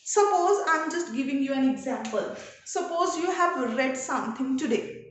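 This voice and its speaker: A woman with an Indian English accent giving an English lesson, explaining slowly and repeating examples. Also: high-pitched, animated, heavy reverb. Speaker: English teacher. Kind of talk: classroom lecture.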